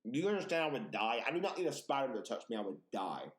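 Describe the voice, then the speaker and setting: The podcast host's mid-range voice moves at a quick pace through casual talk. He tells stories with lots of swearing and exaggeration, all delivered with animation.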